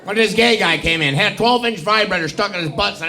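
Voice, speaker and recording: A stand-up comic with a high, bright voice spins drawling dirty jokes and chants rhythmic punchlines. He is recorded live on a club stage. Faint crowd laughter and room noise sit behind him. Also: fast. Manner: drawling storyteller, builds a chant of phonetic syllables. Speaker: stand-up comedian. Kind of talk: stand-up joke telling. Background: audience laughing.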